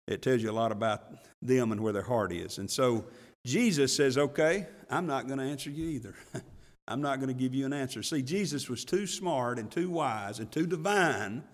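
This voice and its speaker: Man preaching a sermon in a hall. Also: medium pitch. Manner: preaching with rising fervor, acting out quoted voices. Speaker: pastor.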